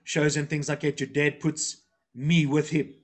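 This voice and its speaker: A man hosting a casual interview, telling stories in an animated, jokey way. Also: on the high side, a little slow. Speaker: podcast host.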